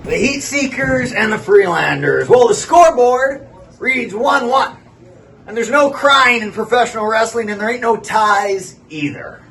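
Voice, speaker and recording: A man in a wrestling promo, taunting his rivals with cocky swagger. His voice runs high and a little distant. A light hiss sits under it. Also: animated, measured pace, gravelly, fairly bright tone. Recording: distant mic with light noise.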